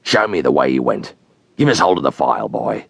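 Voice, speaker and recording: A hungry, wary convict speaks low and gruff, as a man puts him on in a storybook reading. The voice sits deep and rough, swinging lively between mutters and barks. The sound is close and dry. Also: brisk, no echo, heavily acted.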